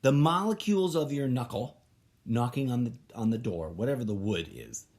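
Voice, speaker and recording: A man's voice: mid-range voice, big pitch swings, normal speed, a little mellow. A man hosting his own podcast, thinking aloud in a casual, rambling monologue that is full of restarts and loose asides. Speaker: podcast host.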